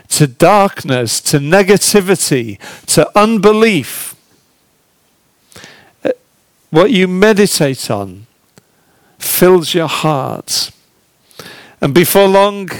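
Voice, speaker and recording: A man's voice: high voice, dry recording. A man preaching a sermon in an earnest, conversational way, asking the listeners questions. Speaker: pastor.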